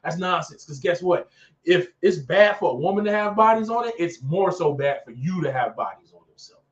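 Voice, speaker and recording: A man's voice: high-pitched, a little fast. A man hosting a talk show, preaching casually and animatedly, repeating phrases for emphasis, recorded in an office. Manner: animated, acts out characters in skits. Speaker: podcast host. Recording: echoey room, dull sound, mic at a distance.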